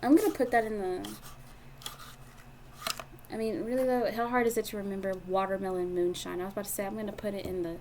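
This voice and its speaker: Seated at a table indoors, a tarot card reader talks quickly in a steady, mid-pitched voice, broken by long pauses, over a noisy background. Her relaxed monologue is giggly, gushing, emotional, and full of casual swearing.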